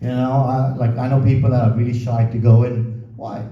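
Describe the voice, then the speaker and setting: A man's voice: medium pitch, flat delivery, a little fast, a little hiss or hum. A man doing a crude, swearing stand-up comedy set, working the crowd in a casual, chatty way. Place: comedy club stage. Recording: roomy, distant, dull club recording.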